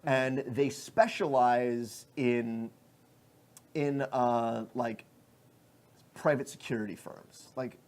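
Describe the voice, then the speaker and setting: A man's voice: medium pitch, fairly even intonation, slow pace, pauses often, a little mellow. A man narrating as game master of a tabletop role-playing game, rambling with many fillers.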